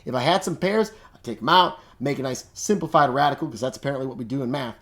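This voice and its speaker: At medium pitch, fast and a bit bright, a man teaches math casually in a classroom-style explanation. He is upbeat and slangy, thinking out loud as he solves each step.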